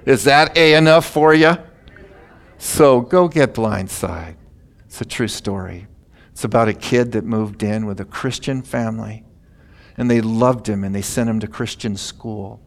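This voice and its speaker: An older man giving a folksy sermon, telling stories with many "you know" fillers and swinging from soft asides to loud, high bursts. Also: unhurried, vocal fry. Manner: animated, rises high and loud when stirred, drops soft for asides.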